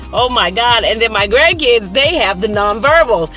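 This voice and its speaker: A woman in her fifties telling stories in a casual monologue, animated and sassy, acting out the people she quotes. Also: on the high side, normal speed, hardly any pauses, faint music behind. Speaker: vlogger.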